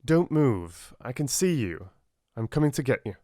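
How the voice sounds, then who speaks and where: A young prince, urgent and fierce in his protectiveness, as a male narrator puts him on. His voice is lively and rises sharply when alarmed. It is recorded dry and close. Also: medium pitch, normal speed, dry recording, voice pushed up. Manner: urgent, forceful. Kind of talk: audiobook character voice.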